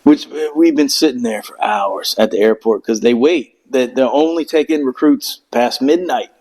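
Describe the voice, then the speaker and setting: A man's voice: medium pitch, moderate pace, a little mellow, poor audio. A middle-aged man telling a rambling, profane story in casual chat, acting out quotes in raised voices. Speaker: Marine veteran guest.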